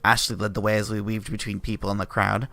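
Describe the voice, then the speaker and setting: A man streaming himself reading a visual novel aloud, narrating with relaxed, self-aware asides. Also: fairly low pitch, fast, creaky, soft background music.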